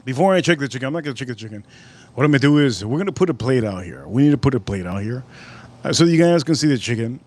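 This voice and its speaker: A man hosting a live stream outdoors at a barbecue, chatting casually and rambling through animated stories. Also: medium pitch, very fast.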